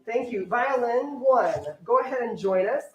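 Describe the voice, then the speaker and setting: A young woman orchestra teacher directing a string rehearsal, briskly counting off and coaching her players. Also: a little high, darkish tone, far from the mic, soft background music. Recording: echoey room, voice from afar, strings playing.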